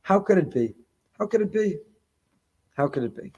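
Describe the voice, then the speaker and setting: A middle-aged man, a rabbi, preaching on the weekly Torah portion with lively, dramatic delivery and Hebrew quotations. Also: high-pitched, normal speed, slightly rough. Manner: animated preaching, acting out imagined dialogue, mixing in Hebrew quotations.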